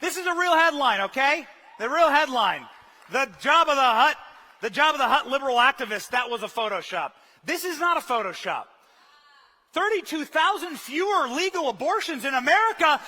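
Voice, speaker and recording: A young man giving a live speech in a large hall, shouting in punchy bursts and at times dropping into quiet, earnest talk. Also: very high voice, very animated, normal speed, some chatter behind. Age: young adult. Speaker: rally speaker.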